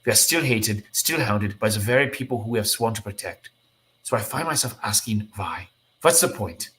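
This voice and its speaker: A man's voice: fairly low pitch, expressive, moderate pace, pushed and bright, slight background noise, poor audio. A man voicing a weary, disillusioned male mutant hero who has lost faith in the cause, read aloud with impassioned conviction. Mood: brooding.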